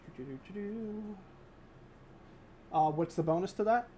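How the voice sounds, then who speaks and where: A man's voice: fairly high pitch, unhurried, a little hiss or hum. A man running a tabletop game as game master, rambling through scene descriptions with many fillers and restarts.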